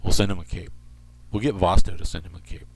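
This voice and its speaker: Man, radio host, very low voice, creaky, rambling news reading. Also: steady tone, fast. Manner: rambling, drifts into soft asides.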